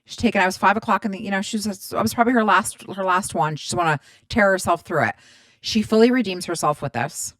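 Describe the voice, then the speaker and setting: A woman in her thirties hosting a podcast, telling stories in a chatty, animated way, swearing freely and acting out both sides of each exchange. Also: mid-range voice, fast talker, no room sound. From Middle Eastern background. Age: 30s. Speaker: podcast host. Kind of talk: casual storytelling monologue.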